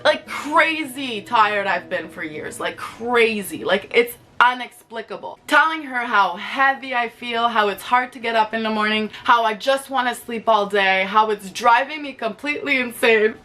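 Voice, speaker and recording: A woman's voice: fairly high pitch, normal speed, few pauses, bright, forceful tone, faint music behind. A young woman at home speaking candidly to camera in a rambling vlog, full of "like" fillers and restarts. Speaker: vlogger. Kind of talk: candid personal confession to camera.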